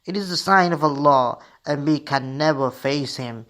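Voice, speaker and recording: A man's voice: a little high, moderate pace, fairly bright tone, natural voice. A man reading defiant converted magicians.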